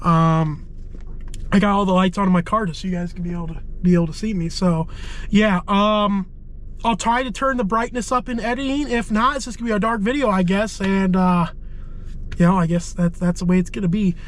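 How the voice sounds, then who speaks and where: Man, winded firefighter vlogger, fairly high voice, rambling, faint outdoor noise. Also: steady tone, a little fast, low-quality recording. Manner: rambling, many fillers and restarts. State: out of breath; sick. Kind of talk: casual vlog talk. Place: outdoors on a march, later inside a parked car.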